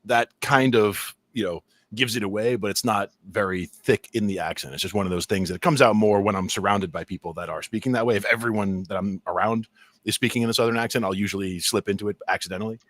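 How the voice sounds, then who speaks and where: A man from New Jersey with a New Jersey accent, co-hosting a podcast in casual chat and telling lively stories. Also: fairly low pitch, quick pace, no echo. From New Jersey, USA. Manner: animated storyteller, acts out quoted voices. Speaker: podcast co-host.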